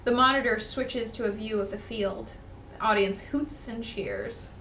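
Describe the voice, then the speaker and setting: A woman co-hosting a let's-play, reading the game's narration aloud and breaking into excited chatter. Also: on the high side, unhurried, recorded from a distance. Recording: roomy echo, off-mic, faint noise.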